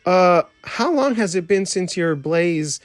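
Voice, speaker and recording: A man's voice: high-pitched, takes it slowly, no echo, voice pushed up. A man voicing a spunky young female cowgirl doll who exclaims a lot, in a storybook reading. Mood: polite. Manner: excited, exclaiming.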